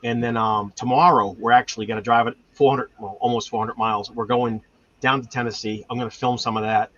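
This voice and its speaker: Fairly quick and steady in tone, his mid-range voice has a bit of brightness. He hosts a homestead channel, telling rambling, chatty stories with lots of fillers in casual conversation, and the sound is dull and lo-fi.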